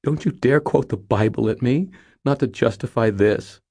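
A man's voice: medium pitch, normal speed, vocal fry, a little mellow, pitched above the performer's own voice. A man voicing an earnest young woman apprentice. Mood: fierce. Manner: pleading, tearful.

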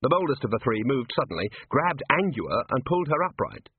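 A man reading a story aloud as scripted narration, dry and even. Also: mid-range voice, a little fast, slightly rough, no room sound. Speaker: audiobook reader. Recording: dry, tinny phone-like sound.

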